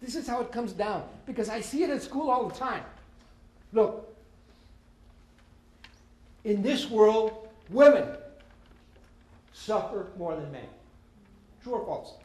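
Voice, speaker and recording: A man, giving a lively storytelling talk to students as a guest speaker and slipping in Spanish phrases. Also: high-pitched, normal speed. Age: 50s. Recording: echoey hall with faint ambience.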